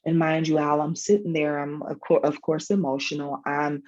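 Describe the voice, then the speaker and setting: A woman's voice: deep voice, flat delivery, moderate pace, darkish tone, dull audio. A woman sharing a personal story in a panel conversation, emotional and reflective, with many fillers and restarts, over a video call. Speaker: guest, foundation founder.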